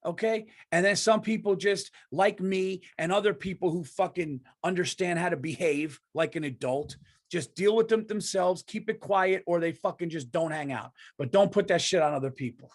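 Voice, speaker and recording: A man with a notably high speaking voice rants on his podcast. He is worked up and emphatic, swearing freely as he hammers his points home. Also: moderate pace. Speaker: podcast host. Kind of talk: heated comedic rant.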